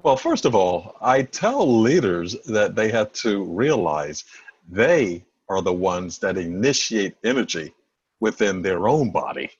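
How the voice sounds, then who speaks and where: Animated, husky-voiced male expert. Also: lowish voice, unhurried, no room sound, lo-fi sound. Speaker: body language and negotiation expert guest. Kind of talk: conversational interview.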